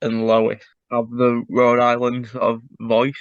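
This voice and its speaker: A man's voice: medium pitch, monotone, measured pace, no room sound, muffled recording. A man, co-hosting a podcast in casual chat and analysing a cartoon with many fillers. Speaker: podcast co-host.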